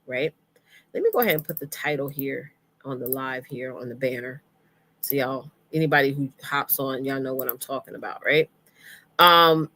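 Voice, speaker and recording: Bright-voiced woman coaching on a live stream. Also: sits low, dry recording. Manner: chatty, greets viewers by name, says y'all and sis. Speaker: email marketing coach hosting a live stream. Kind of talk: casual live-stream teaching.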